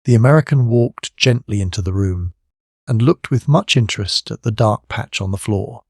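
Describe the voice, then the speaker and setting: A man narrating an audiobook in an even, measured storytelling manner. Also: lowish voice, vocal fry, dry recording, studio quality. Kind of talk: scripted narration.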